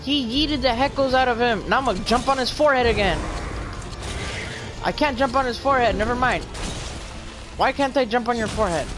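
A man's voice: extremely high pitch, a little fast, pauses often. A man playing a video game beside a child, chattering playfully, humming tunes and yelping at the action. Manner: excitable, hums, calls out gasps and yells. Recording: game music playing behind. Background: game music.

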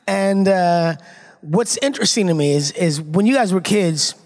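A man in his fifties talks to a live convention audience through a stage mic. His voice sits fairly high for a man, and he keeps things upbeat and playful, turning to the crowd often. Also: normal speed, big-room sound. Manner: energetic, playful, addresses crowd directly. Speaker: convention panel guest. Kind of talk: lively convention panel talk.

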